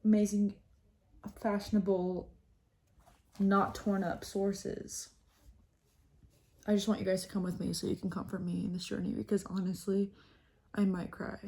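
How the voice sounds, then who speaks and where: A young woman in her twenties chatting casually to camera in a vlog, self-mocking and often dropping into soft asides. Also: mid-range voice, level tone, a little slow, long pauses. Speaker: vlogger. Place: on the move, home, train and hotel room.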